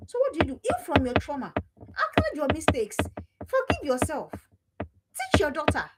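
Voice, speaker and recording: A woman's voice: high voice, huge pitch swings, moderate pace. A middle-aged woman, coaching parents in an emphatic, repetitive, scolding way. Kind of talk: motivational talk to parents. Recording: loud background noise.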